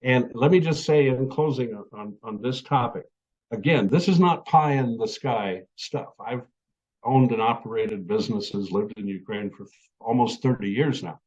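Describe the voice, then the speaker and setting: Middle-aged man, mid-pitched, webinar speaker, halting delivery full of fillers, dull video-call audio. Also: a little mellow. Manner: halting, many fillers and restarts. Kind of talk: webinar talk to students.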